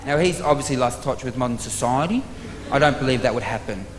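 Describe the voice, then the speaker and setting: A man doing stand-up comedy with an Australian accent, telling exasperated, profane stories with sudden loud outbursts to a live audience. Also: medium pitch, fast talker. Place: large theatre stage before a live audience. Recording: live theatre recording with long hall reverb and audience noise.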